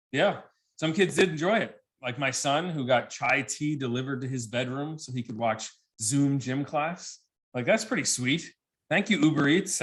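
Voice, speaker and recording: A man in his forties giving a comedic keynote talk to students, telling stories with lively, animated delivery and acting out the voices of people he quotes. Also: a little high. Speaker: keynote speaker. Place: virtual assembly with students present.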